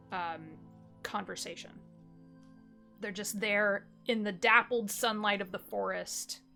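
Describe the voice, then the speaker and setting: A woman narrating a tabletop game as game master, telling scenes slowly with descriptive detail and fillers. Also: mid-range voice, fairly bright tone. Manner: slow, descriptive storytelling with fillers.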